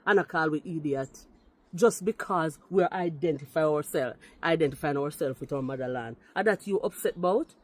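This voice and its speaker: A woman from Jamaica with a Jamaican accent who speaks English mixed with patois and gives an indignant, forceful rebuttal aimed straight at someone. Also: sits low, moderate pace. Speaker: commenter responding to a video. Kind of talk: heated rebuttal talk.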